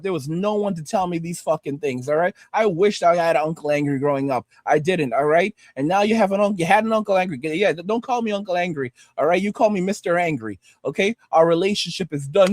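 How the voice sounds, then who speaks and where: A man's voice: sits high, a little fast, hardly any pauses, dry recording. A man rants angrily and profanely at his viewers, repeating himself as he lectures them. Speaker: livestream host reading viewer comments. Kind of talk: profane ranting commentary.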